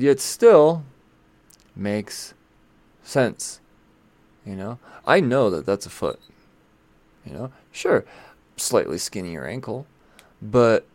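A man's voice: mid-range voice, no echo. Blunt rambling man reviewing comics. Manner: rambling, blunt, swears casually, trails off. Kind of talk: casual video commentary.

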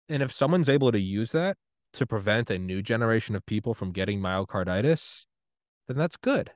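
A man from the United States hosting a podcast interview, talking in a casual, animated way that swings into loud outbursts. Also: on the low side, a little fast, dry recording, studio quality. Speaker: podcast host.

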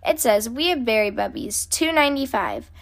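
Woman reading calm mama bear, matter of fact, kinda light voice. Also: on the high side, moderate pace. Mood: mild. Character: calm, sensible mother bear.

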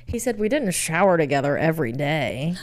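Lively young woman retelling a bad date. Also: sits low, fairly quick. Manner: laughs often, reads out text messages. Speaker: podcast co-host. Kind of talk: casual chat, retelling a date story.

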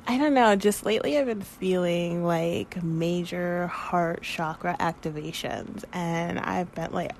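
Slow-talking candid woman podcaster. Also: on the low side, gravelly, a little hiss or hum. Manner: candid, rambling, swears freely; emotional, near tears. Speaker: podcast host. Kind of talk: casual spiritual podcast monologue.

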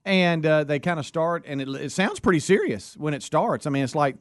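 An amused male radio co-host at a studio mic, telling a story casually in a slightly higher voice. His sound is dry, with faint music in the background. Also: very animated, a little fast, no room sound. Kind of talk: talk radio chat.

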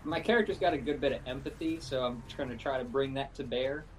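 A man playing in a tabletop game, relaxed as he describes his actions. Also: medium pitch, fast, a little hiss or hum, rough recording. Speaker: player. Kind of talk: casual tabletop game chat.

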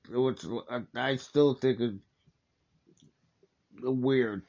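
A man's voice: medium pitch, slow pace, vocal fry, long pauses, a little mellow, muffled recording. A man hosting a casual wrestling watch-along, talking in a rambling, enthusiastic way with lots of fillers and restarts.

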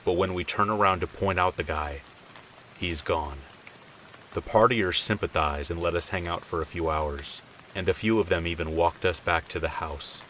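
A man telling a true scary story in calm, measured scripted narration, dropping low and quiet for the quoted lines. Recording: faint rain noise behind.

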